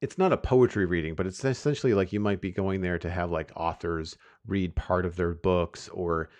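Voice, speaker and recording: A man hosting a podcast, chatting casually in an animated way and laughing easily. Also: sits low, normal speed. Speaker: podcast host.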